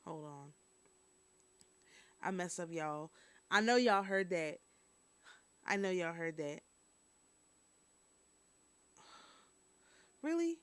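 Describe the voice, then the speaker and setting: A woman's voice: on the low side, big pitch swings, drawn-out words, long pauses, a bit bright, clear, resonant tone, no echo. A woman hosting a casual news and review stream, chatting straight to her viewers.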